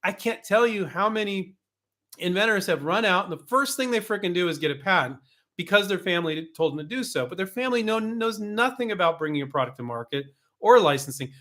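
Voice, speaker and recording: Candid, animated man giving advice. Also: high voice, a little fast. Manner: candid, animated, with frequent restarts and mild cursing. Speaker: host, invention licensing coach. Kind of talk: casual advice talk.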